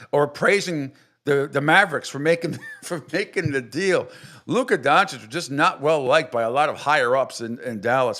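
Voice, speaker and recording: A man hosting a sports radio show, ranting with strong opinions and mocking others in exaggerated high voices. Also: fairly bright tone.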